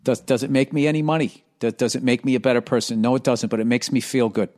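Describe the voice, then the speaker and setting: A man hosting a podcast with a hoarse, strained voice, talking in a low-energy, self-mocking casual ramble full of swearing. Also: steady tone, fast talker, darkish tone. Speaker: podcast host.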